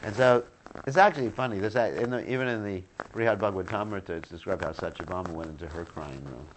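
A man's voice: on the low side, fast. A man teaching a religious class, retelling scripture stories in a chatty, joking way and asking his audience questions, in a noisy recording. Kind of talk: humorous scripture storytelling class.

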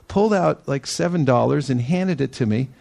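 Gravelly man telling a devotional story. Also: medium pitch, normal speed. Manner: animated, acts out quoted people, laughs often. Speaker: devotional speaker. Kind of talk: storytelling sermon.

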